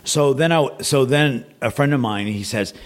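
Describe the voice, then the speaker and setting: A man's voice: medium pitch, normal speed. A man guest on a podcast, telling a long personal story in a rambling, casual way, repeating words and acting out what others said.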